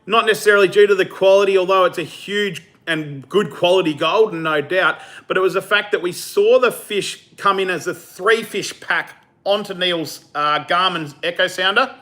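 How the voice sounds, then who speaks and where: High-pitched and sharp in tone, a man talks at normal speed while hosting his fishing channel's live stream. Casual and chatty, he laughs easily, uses many fillers, and fields comments from viewers.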